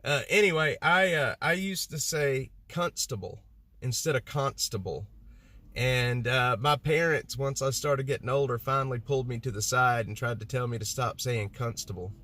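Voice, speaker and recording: A livestreamer from Texas chats casually with his audience, rambling, poking fun at himself and talking straight to chat. His voice is medium in pitch, pushed and bright, and he speaks at a moderate pace.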